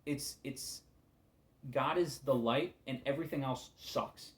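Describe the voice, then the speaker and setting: A preacher gives an informal devotional talk in a casual, candid way, sounding weary and subdued. His medium-pitched voice moves unhurriedly and often trails off into quiet asides.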